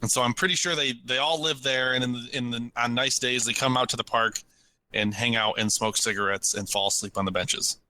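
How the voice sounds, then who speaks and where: A man co-hosting a podcast, telling a story in a casual, animated way and acting out what people said. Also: medium pitch, a little fast. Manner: animated, laughs while telling stories, acts out quotes. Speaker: podcast co-host.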